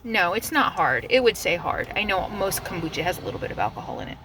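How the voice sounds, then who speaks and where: A woman's voice: lowish voice, big pitch swings, fast, background noise. A woman chatting casually to the camera on a road-trip vlog, talking to her viewers and her dog. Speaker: RV travel vlogger.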